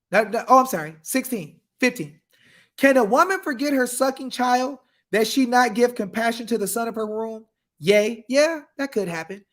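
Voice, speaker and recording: Fiery high-voiced preacher man. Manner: fiery, shouting, reads scripture aloud. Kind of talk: impassioned preaching.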